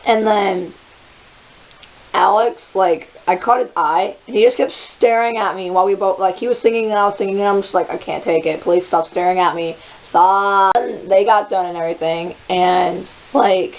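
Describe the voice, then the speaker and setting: Young woman, vlogger, rambling, profane, excitable, middle pitch, tinny phone-like sound. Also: gravelly. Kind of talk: casual storytelling.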